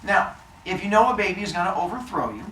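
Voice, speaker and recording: A storyteller with a high, fast, bright and forceful voice swings widely in pitch as he playfully relates myths to a live audience, joking and quizzing his listeners. The lively performance was captured from a distance in an echoey room with faint background noise.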